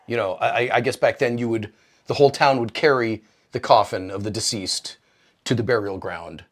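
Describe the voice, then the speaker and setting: A man co-hosting a comedy podcast, retelling old stories in a profane, irreverent way and jumping into quoted voices. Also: normal speed. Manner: profane, animated, acts out quoted characters with big pitch jumps. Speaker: podcast co-host.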